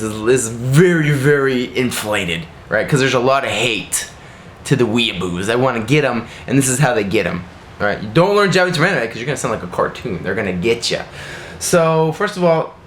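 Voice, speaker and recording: A man's voice: mid-range voice, a bit bright, a little hiss or hum. A man teaching in a casual, frank way, often tagging his sentences with "right?". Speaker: Japanese teacher answering a viewer question. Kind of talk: casual video lesson. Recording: roomy echo, faint ambience.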